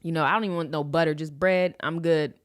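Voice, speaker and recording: A woman in her late twenties from Los Angeles, telling a personal story on a podcast in a slangy, animated way and acting out the scenes. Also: deep voice, fast talker. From Los Angeles, USA. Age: 20s. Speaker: podcast host. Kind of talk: casual storytelling.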